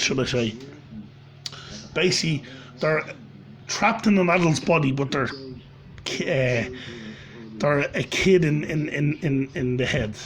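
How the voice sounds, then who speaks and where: A man with a Dublin accent, ranting angrily with a lot of swearing, repeating himself as he goes. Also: on the high side. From Ireland. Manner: angry, sweary, repetitive. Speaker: channel host. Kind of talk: ranting monologue.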